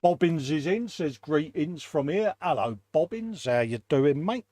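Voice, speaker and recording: A man's voice: a little high, expressive, measured pace, mellow, no room sound. A British man hosting a casual live stream, greeting viewers one by one in a chatty, matey way. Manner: chatty, greets viewers, calls everyone mate. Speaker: host.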